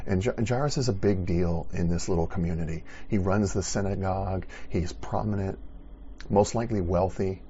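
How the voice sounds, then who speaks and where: A man preaching a sermon, retelling a story with animated, restarting delivery. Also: deep voice, moderate pace, lo-fi sound. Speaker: pastor.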